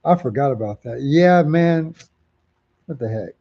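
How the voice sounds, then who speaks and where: Guy hosting a live comic auction stream, kinda high but mellow voice, keeps repeating prices, muffled lo-fi audio. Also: lively intonation, a little slow, gravelly. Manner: chatty, repeats prices and titles, reads out viewer comments. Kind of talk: casual live-stream selling.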